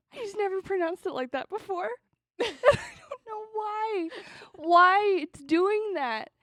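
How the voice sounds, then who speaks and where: A young woman co-hosting a podcast, telling stories in a casual, animated way and laughing often. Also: extremely high pitch, slow pace, dry recording, studio quality. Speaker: podcast co-host. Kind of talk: casual chat.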